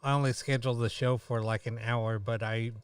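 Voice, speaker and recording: A tired man hosting a live stream, chatting casually in a halting way with many pauses and fillers. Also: medium pitch, fairly even intonation, smooth, dry recording, studio quality, distant mic. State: tired, yawning.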